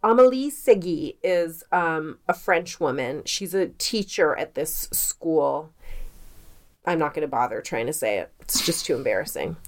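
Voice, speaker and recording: A woman co-hosting a podcast, telling spooky stories in a casual, animated way and acting out quotes. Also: deep voice, a little slow. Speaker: podcast co-host. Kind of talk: casual storytelling chat.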